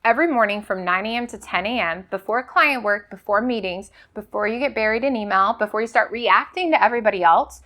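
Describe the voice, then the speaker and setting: A woman's voice: medium pitch, fairly quick, hardly any pauses, pushed and bright. A woman hosting a motivational business talk, coaching her audience with rhetorical questions and frequent "okay?" checks.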